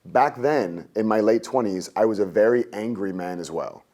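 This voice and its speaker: Guy in his 30s telling a story on an interview, super animated and jokey. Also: on the low side, normal speed. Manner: animated, jokey, acts out his own past rants. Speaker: interview guest, coach.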